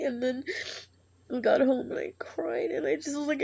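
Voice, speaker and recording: Grieving woman vlogging, halting and tearful, kind of gravelly. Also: high voice, a little mellow. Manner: halting, emotional, sighs and breaks into sobs. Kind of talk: tearful personal storytelling.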